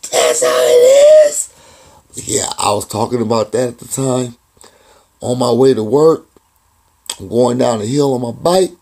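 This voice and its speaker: A man's voice: medium pitch, normal speed, gravelly, pauses often, mellow. A man vlogging, telling a personal story in a rambling, casual way, often chuckling and restarting his sentences.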